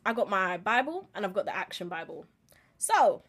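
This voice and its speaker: A woman in her twenties hosting a casual solo podcast, telling stories with animated, acted-out reactions and frequent laughs. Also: mid-range voice, moderate pace. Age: 20s. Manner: animated storytelling, acts out reactions, laughs often. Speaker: podcast host.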